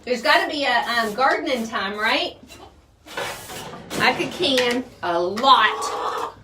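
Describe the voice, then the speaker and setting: A woman's voice: on the high side, expressive, slow pace, noisy background. A woman chatting casually to camera while doing chores outdoors, laughing often. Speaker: vlogger, homesteader. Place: outdoors by a chicken coop. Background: chickens and a rooster.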